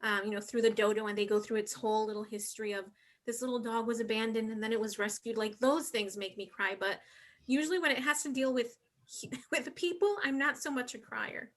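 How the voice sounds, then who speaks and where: High bright woman in her 40s, animated, chatting books on a call. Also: a little fast. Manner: animated, acts out outrage when telling stories. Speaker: book club co-host. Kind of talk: casual book chat. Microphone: video call.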